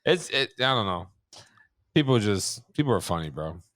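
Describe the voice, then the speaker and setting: A man co-hosting a podcast, telling relaxed, joking anecdotes in casual chat. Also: fairly low pitch, moderate pace, no room sound, studio quality. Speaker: podcast co-host.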